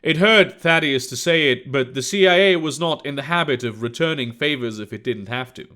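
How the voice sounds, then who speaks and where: A man narrating a scripted spy story in a steady, measured reading. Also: medium pitch.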